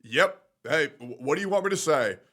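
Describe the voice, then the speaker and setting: A man on a casual livestream, talking brashly and swearing a lot, looping back to the same points. His voice sits a little higher than most men's. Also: expressive, fairly quick, fairly bright tone. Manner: brash, profane, repetitive. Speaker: streamer.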